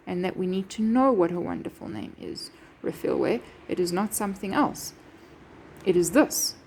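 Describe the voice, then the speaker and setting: A woman's voice: mid-range voice, vocal fry, a little mellow. A woman teacher explaining a poem line by line, checking in with her students with a frequent "okay". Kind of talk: poetry lesson explanation.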